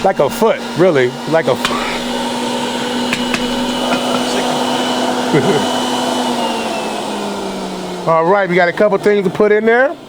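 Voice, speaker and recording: A man's voice: high voice, animated, fast talker, few pauses. A man chatting casually to the camera as he makes fresh juice, talking to viewers while he works. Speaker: vlogger making juice. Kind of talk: casual kitchen demonstration. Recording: loud juicer noise over voice.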